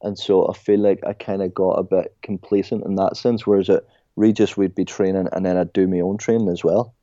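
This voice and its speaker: Irish young man, low voice, dark tone, dry dull lo-fi sound, chatty storyteller. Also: flat delivery, brisk, no echo. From Ireland. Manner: chatty storyteller, says mate a lot. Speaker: guest, former soccer player. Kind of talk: casual podcast chat over a call.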